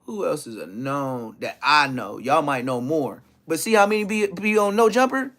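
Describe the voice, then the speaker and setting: A man telling a story in an animated way, full of profane street slang. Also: a little high, normal speed. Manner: profane slang, acts out others' lines.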